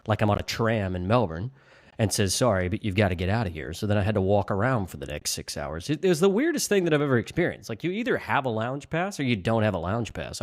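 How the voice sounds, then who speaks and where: A man co-hosting a podcast, spinning animated, mildly exasperated stories. His voice is fairly low, and the sound is dry and close, with no room around it. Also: no room sound. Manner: animated, storytelling, exasperated rants. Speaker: podcast co-host. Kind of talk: casual podcast chat.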